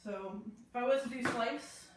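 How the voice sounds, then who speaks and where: In a very echoey kitchen with a far-off mic and a noisy background, a woman hosts a live cooking class. Her slightly high voice is unhurried as she chats through each step of chopping and preparing food.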